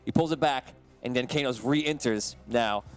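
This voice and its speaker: A man's voice: mid-range voice, moderate pace, clear, resonant tone, soft background music. A man narrating as game master of a tabletop game, talking loosely with many restarts and fillers.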